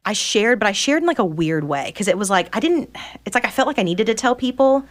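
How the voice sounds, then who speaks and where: A woman's voice: medium pitch, lively intonation, brisk. A woman in her thirties, a podcast guest, telling her personal story openly and earnestly and acting out the people she quotes. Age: 30s. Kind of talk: candid personal storytelling in conversation.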